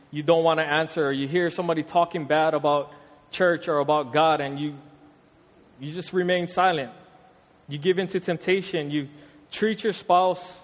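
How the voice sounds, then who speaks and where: A young man delivers a casual sermon, easygoing and full of slang. His voice sits a bit high for a man, and a long church-hall reverb trails every phrase. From Hawaii. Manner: conversational, animated, street slang. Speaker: preacher.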